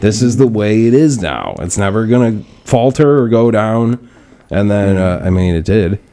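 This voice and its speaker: A man's voice: lowish voice, expressive, moderate pace, dark tone. A young man hosting a casual podcast chat, telling stories with lots of swearing, laughter and acted-out quotes. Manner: swears a lot, laughs often, acts out quotes in storytelling. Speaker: podcast host.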